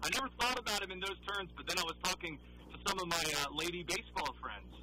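A man who is a guest on a sports radio show, talking in a raspy morning voice with quick, opinionated chat. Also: high voice, noisy background. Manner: animated, rapid opinionated talk.

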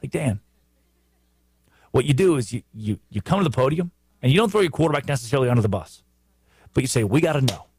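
A man hosting a sports talk show, giving animated commentary with emphatic restarts and repetition. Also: medium pitch, quick pace, long pauses, breathy edge, no echo.

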